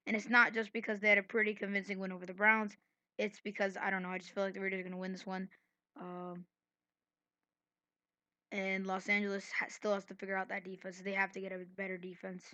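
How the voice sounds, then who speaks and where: A woman's voice: mid-range voice, pushed and bright, no room sound, lo-fi sound. A woman hosting her own sports channel, casually talking through her football picks with lots of fillers and restarts. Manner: chatty, filler-heavy, restarts mid-sentence. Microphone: computer mic.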